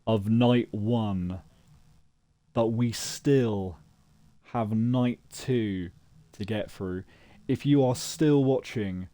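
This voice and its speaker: Male streamer, unhurried and easygoing, warm low voice, excitable joking commentary. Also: no room sound. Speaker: gaming streamer. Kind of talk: casual live-stream commentary.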